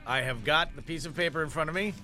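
A male radio host talking in a studio with a bright, forward tone, a little on the higher side. He keeps things moving with upbeat game-show banter, with faint music beneath. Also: fast talker. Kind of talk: casual on-air banter.

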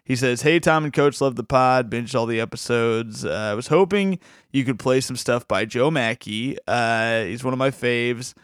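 Smooth-voiced man chatting on a podcast. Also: mid-range voice, normal speed, no echo, clean studio sound. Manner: enthusiastic, rambling with restarts. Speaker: podcast co-host. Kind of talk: casual podcast chat.

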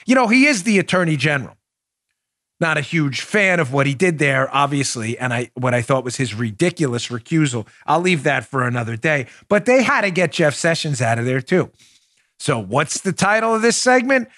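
A man hosting a political podcast, talking in a sarcastic, mocking way with loud bursts and muttered asides. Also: fairly high pitch, sing-song, brisk, dry recording, studio quality. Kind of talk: opinionated solo commentary.

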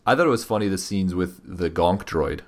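A man's voice: sits low, lively intonation, fairly quick. A man co-hosting a casual podcast about comics, rambling with many fillers and restarts. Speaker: podcast co-host. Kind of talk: casual comic book review chat.

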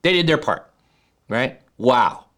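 A man preaching a sermon to men, animated, often checking in with "right?" and rising to emphatic high peaks. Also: slow. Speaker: pastor.

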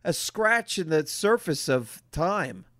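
A man's voice: on the high side, big pitch swings, takes it slowly, fairly bright tone, no echo, clean studio sound. A man from New York, co-hosting a casual comedy podcast, blunt and profane, often cutting in. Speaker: podcast co-host.

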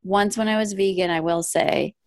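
A woman's voice: medium pitch, steady tone, moderate pace, creaky, no room sound, clean studio sound. A young woman co-hosting a podcast in casual chat, laughing along and reacting. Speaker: podcast co-host.

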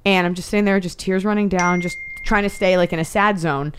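Woman comic on a podcast, kinda low voice, tells stories all animated and acts out what people said. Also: brisk, a little hiss or hum. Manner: animated storytelling, acts out quotes. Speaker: comedian guest. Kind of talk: casual podcast chat.

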